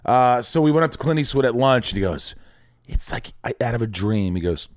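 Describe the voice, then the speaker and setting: This lowish, brisk voice belongs to a middle-aged Indiana actor guesting on a podcast. He's animated, swapping anecdotes in relaxed chat and performing the voices of the people in them, all captured in a dry, studio-quality recording.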